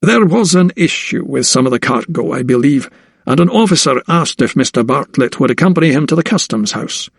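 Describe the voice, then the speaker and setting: A man voicing an affable, weathered middle-aged sea captain with a Scottish brogue, speaking slowly and drawing out his words. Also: mid-range voice, expressive, creaky, breathy edge, no room sound, studio quality.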